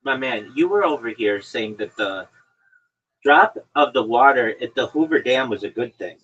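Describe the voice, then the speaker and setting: A man hosts a podcast and teases his guest, lecturing him in a mock-serious way over an online call. His voice is bright and husky, and his pitch moves a lot. The call audio sounds dull and lo-fi. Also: animated, moderate pace. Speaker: podcast host. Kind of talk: casual chat.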